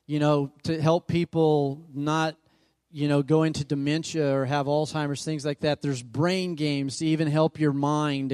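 Male pastor, emphatic sermon delivery, slightly high voice, dry close recording. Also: darkish tone, no room sound. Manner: emphatic, repeats phrases for rhythm. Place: church.

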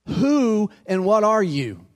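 Old miser, preacher reading aloud, slow, earnest questions, lightly raised pitch. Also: male voice, very animated, full character voice. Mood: wondering. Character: elderly miserly man questioning a spirit.

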